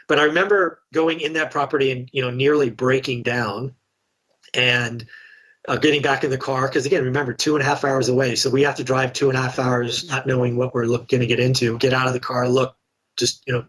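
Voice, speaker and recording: Husky-voiced middle-aged investor, candid. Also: male voice, mid-range voice, flat delivery, a little fast, a bit bright. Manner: candid, conversational, many restarts. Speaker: real estate investor and guest. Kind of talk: casual podcast interview storytelling.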